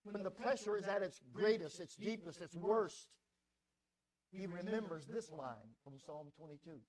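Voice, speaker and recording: A male pastor preaching a sermon, swinging between quiet, low passages and loud, pleading outbursts, often repeating words as he builds. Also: moderate pace, rough recording. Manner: repeats words when stirred.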